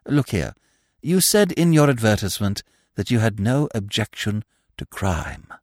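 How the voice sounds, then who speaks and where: A man voicing a scatterbrained, plaintive young gentleman who talks in a hurried, breathless, exclamatory way, in an audiobook reading. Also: on the low side, sing-song, no room sound, clean studio sound. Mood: flustered.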